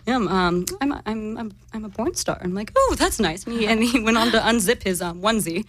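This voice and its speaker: A woman's voice: mid-range voice, fairly quick, no echo. A woman in casual podcast chat, telling a long story with many fillers and restarts.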